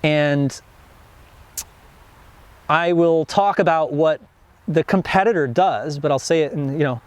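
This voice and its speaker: A man's voice: fairly high pitch, unhurried. A young man teaching an online business course in a casual, rambling way, full of fillers and restarts. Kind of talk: casual instructional talk.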